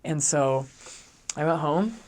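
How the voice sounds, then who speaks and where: A man's voice: on the high side, slow pace, a little mellow. A young man, a former missionary, telling a personal story in a chatty way, full of fillers, who raises his voice when quoting himself speaking kindly.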